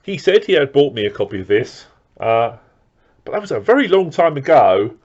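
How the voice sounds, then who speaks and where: A man's voice: mid-range voice, big pitch swings, normal speed, darkish tone. Rambling man, lo-fi sound. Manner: rambling, with many fillers and restarts. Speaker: record collector vlogger. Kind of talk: casual unboxing chat.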